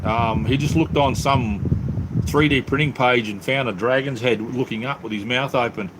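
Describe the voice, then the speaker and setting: An easygoing Australian livestream host chats casually from his home workshop, calling everyone mate. He speaks at medium pitch and a moderate pace, and the recording is very noisy.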